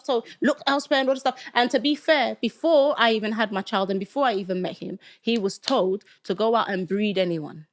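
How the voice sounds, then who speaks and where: A woman, a podcast guest telling a personal story in animated casual chat, often checking that her listeners follow her. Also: fairly high pitch, a little fast. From London, England. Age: 30s. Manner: animated storytelling, keeps asking "do you get what I mean?".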